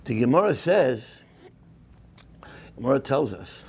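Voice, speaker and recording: A man giving a storytelling sermon as a rabbi, animated and mixing in Hebrew and Yiddish terms. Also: fairly high pitch, normal speed, long pauses. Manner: animated, acts out the people in his stories.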